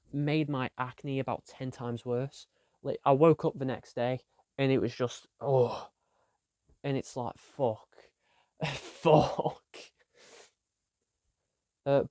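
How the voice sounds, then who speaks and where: Teen male vlogger, unhurried and rambling, clear voice, dry close sound. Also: mid-range voice, mellow, no room sound. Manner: rambling, self-deprecating, trailing off. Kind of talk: casual weekly diary vlog.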